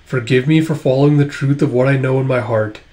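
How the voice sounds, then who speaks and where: A man's voice: medium pitch, quick pace, mellow, natural voice. Man reading as an earnest guilt-ridden nobleman. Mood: pleading. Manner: pleading, solemn.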